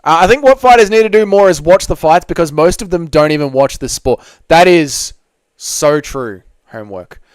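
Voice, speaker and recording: A man's voice: fairly high pitch, expressive, moderate pace, dry recording. A man hosting a casual live stream, reading viewer comments aloud and bantering back in a loose, joking way.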